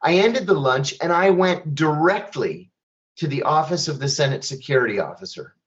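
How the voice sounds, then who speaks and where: A man's voice: on the high side, animated, normal speed, dull audio. Plainspoken man telling a story. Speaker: guest speaker. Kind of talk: first-person storytelling. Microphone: online event stream.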